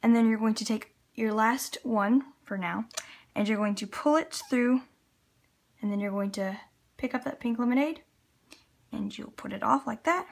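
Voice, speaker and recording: A loom tutorial host with a Canadian accent, her voice on the high side and gravelly, chats casually at a moderate pace as she walks viewers through a craft step by step. She works with her hands and laughs a little, recorded on a camera on a tripod at the table.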